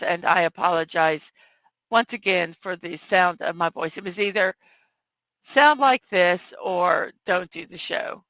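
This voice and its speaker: Hoarse, slow-talking woman host. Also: on the low side, fairly bright tone, no echo, rough recording. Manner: reads viewer chat aloud, chatty and apologetic. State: scratchy, hoarse voice. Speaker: morning show host. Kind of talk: casual livestream chat. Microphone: headphone mic.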